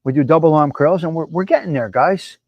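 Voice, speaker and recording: Streaming live from his apartment, a swaggering, profane man talks brashly and repeats lines to hammer them home. He speaks fairly quickly in a fairly high voice, captured in a dry, lo-fi recording.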